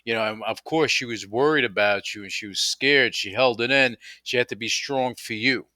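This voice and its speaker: A man's voice: mid-range voice, moderate pace, bright, forceful tone, no room sound. A man hosting a radio interview, asking long, rambling, enthusiastic questions. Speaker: radio show host.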